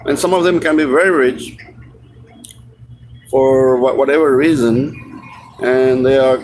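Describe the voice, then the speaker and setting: A man's voice: mid-range voice, steady tone, measured pace, darkish tone, slight background noise. A man vlogging in a rambling, casual monologue, swearing freely and often restarting his sentences. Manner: meandering, profane, many restarts.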